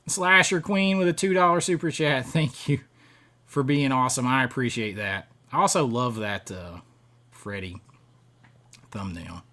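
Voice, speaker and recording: A middle-aged man with a bright, forward voice at an ordinary pitch hosts a live stream. He talks in a loose, rambling way, restarting sentences and chuckling often as he answers viewer comments. His delivery stays casual and chatty. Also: measured pace.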